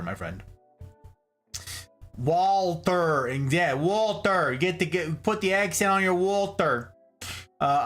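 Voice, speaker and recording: A man hosting a casual livestream, chatting animatedly about houseplants and reading out viewer comments. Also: a little high. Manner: animated, chatty, reads chat aloud. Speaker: livestream host. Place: indoor room full of plants.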